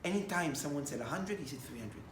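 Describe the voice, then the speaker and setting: Animated preaching man in an echoey room. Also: on the high side, fast, a little hiss or hum. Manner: animated, rising to loud emphatic bursts, many restarts. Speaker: rabbi. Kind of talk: sermon with storytelling.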